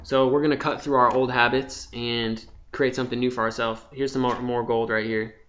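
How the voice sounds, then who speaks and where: A young man giving an impassioned, profane spiritual monologue, dropping from hushed to loud. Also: mid-range voice, level tone, normal speed. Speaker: vlogger. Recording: slightly dull lo-fi sound.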